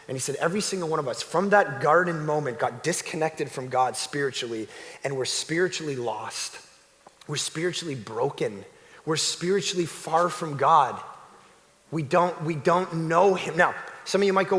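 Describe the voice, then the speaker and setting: A man preaching a sermon as a pastor, animated, swinging between loud exclamations and hushed emphasis. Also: on the high side, moderate pace, in a large hall. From Canada. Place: church sanctuary.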